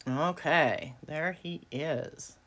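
A woman's voice: sits low, lively intonation, extremely slow, fairly bright tone. A woman hosting a casual crafting tutorial at her home desk, chatty and self-deprecating, often laughing at herself. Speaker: craft video host.

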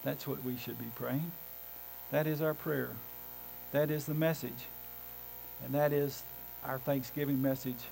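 A pastor preaching a sermon to his congregation in church. He talks with emphasis, moving between loud calls and hushed, low phrases. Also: steady tone, measured pace, gravelly, long pauses, a little hiss or hum, rough recording. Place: church sanctuary.

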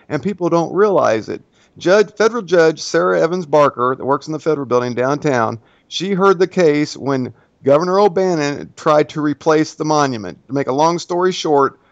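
A man who is a guest on a podcast, explaining his points in a steady, insistent way. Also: fairly high pitch, dry recording. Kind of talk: casual conversation. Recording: dry, dull lo-fi sound.

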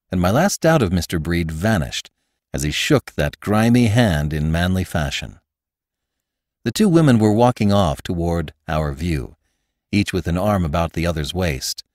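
A man with a fairly low voice narrates a classic story, and his pitch moves freely through the lines. The studio recording is dry and close. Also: no room sound. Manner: expressive storytelling. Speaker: audiobook narrator and podcast host. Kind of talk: scripted narration.

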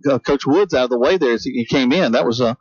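A man hosting a high school football halftime radio show, interviewing a guest with a folksy, halting manner full of fillers. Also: animated. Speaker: radio sports host. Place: press box booth at a football stadium. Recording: dull lo-fi broadcast audio, dry booth.

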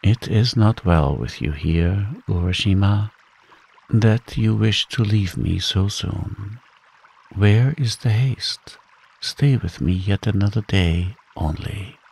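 Sad soft sea princess, man reading her, slow bedtime storybook voice, really husky. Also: fairly low pitch, exaggerated voice. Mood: pleading. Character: sorrowful young sea princess, gentle.

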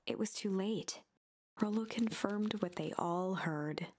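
A woman giving calm, measured scripted narration for a storybook-style game. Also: medium pitch, breathy edge.

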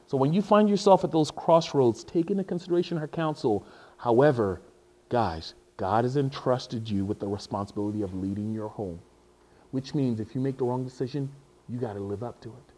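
With a mid-range voice and a fairly quick delivery, a man preaches as a pastor. He's animated and full of jokes, regularly stopping to repeat and restart what he's saying.

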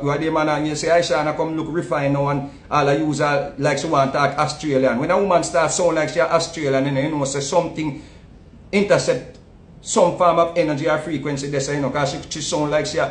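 Animated Jamaican man in an echoey room. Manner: animated, repeats words, swings between loud and low. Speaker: online commentator. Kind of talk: casual commentary monologue. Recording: echoey room with faint rumble.

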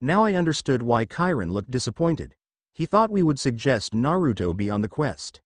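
A male narrator reads an adventure fan fiction aloud. His pitch rises and falls freely as he tells it. The sound is close and dry, with no room echo. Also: big pitch swings, moderate pace.

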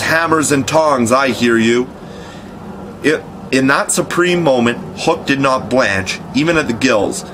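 A man reading a classic children's novel aloud in a measured, expressive storytelling voice. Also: medium pitch, noisy background. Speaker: audiobook reader. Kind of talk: scripted narration.

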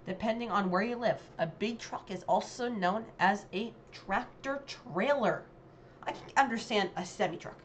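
A woman's voice: mid-range voice, slight background noise. A woman vlogger giving casual commentary on a dialect quiz, chatty and hesitant, with many ums and self-corrections.

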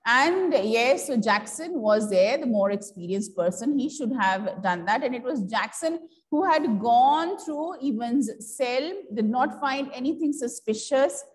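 A woman's voice: on the high side, animated, unhurried, hardly any pauses. Indian woman teacher explaining a story. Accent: Indian English. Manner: asks the class questions, then answers them; reads dialogue with acted outbursts. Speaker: school English teacher. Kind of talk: reading a story aloud and explaining it to a class.

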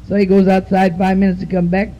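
A female stand-up comedian performs a raunchy, profane set on a nightclub stage before a live crowd, rambling through stories in a drawn-out "I said, he said" style and laughing at her own punchlines. Her warm, mid-range voice shows little pitch movement, captured in a rough recording with slight background noise.

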